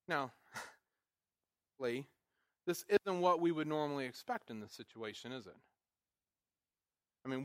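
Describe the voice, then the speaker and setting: A man preaching a sermon in a conversational way, asking his listeners rhetorical questions and sometimes dropping into quiet asides. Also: a little high, no room sound, clean studio sound. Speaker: pastor.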